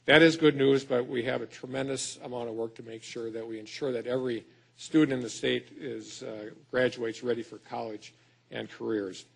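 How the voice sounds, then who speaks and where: His mid-range voice is steady and slightly rough, with vocal fry, at normal speed: a middle-aged Wisconsinite with a Wisconsin accent and the state schools superintendent. In a lecture hall, his conference speech runs folksy and self-deprecating, with frequent fillers and restarts.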